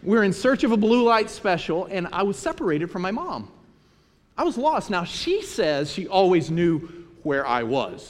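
Animated preacher in a reverberant hall. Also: male voice, high voice, normal speed. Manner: storytelling, animated retelling of scripture. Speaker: pastor. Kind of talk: sermon.

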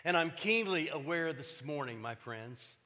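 A man's voice: a little high, animated, unhurried, bright, forceful tone. An older man, preaching a sermon as a personal testimony, earnest and emphatic with repeated phrases. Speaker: pastor. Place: church sanctuary. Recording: hall reverb.

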